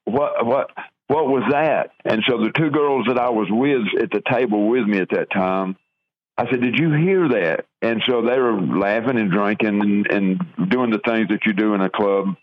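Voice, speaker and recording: Older man, personal testimony, halting and earnest, lo-fi radio audio. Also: fairly low pitch, steady tone. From Southern United States. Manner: slow, earnest storytelling with halting restarts. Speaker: guest sharing testimony.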